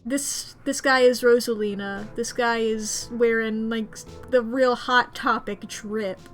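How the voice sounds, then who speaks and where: A woman streamer reacting to a game, excitable and gushing, swearing freely. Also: fairly high pitch, slow, faint music behind.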